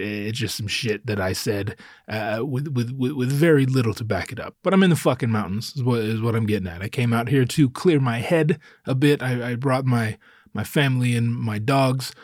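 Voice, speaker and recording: In a studio-quality recording with no room sound, a man of medium pitch delivers a casual monologue on his own podcast. A little breathless, he rambles and curses while making grimly self-deprecating jokes.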